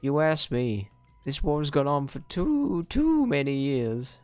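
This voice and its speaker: A man voicing a bitter, distrustful old man in a video game, ranting gruffly and calling the listener youngster. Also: fairly high pitch, huge pitch swings, slow pace, darkish tone, dry recording, faint music behind, voice pushed up, full character voice. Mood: grumbling.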